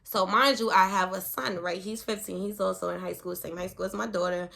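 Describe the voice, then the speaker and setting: A woman's voice: medium pitch, fairly even intonation, brisk, creaky, bright, forceful tone. A middle-aged woman telling a personal story in a chatty, casual way, full of "like" and "whatever". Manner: chatty, peppers speech with "like" and "whatever". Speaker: parenting vlogger.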